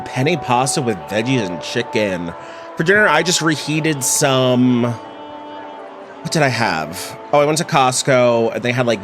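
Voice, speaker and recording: Chatty man streaming a game. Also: medium pitch. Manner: chatty, giggly, easygoing. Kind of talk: casual let's-play chat.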